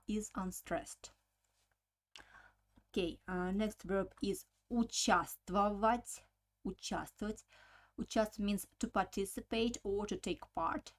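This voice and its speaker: A woman teaching a language lesson, explaining step by step with many filler sounds and slowly repeating each word for practice. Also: medium pitch.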